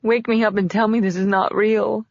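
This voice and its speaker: Audiobook casting: man doing a shaken grieving woman, high and trembling, dry close read. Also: flat delivery, moderate pace, gravelly, no room sound, dull audio. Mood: distraught. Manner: trembling, pleading.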